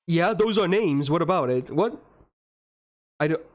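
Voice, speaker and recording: A man's voice: a little high, animated, unhurried. A man streaming a game live, talking casually to his chat and getting frustrated, swearing and ranting about the game.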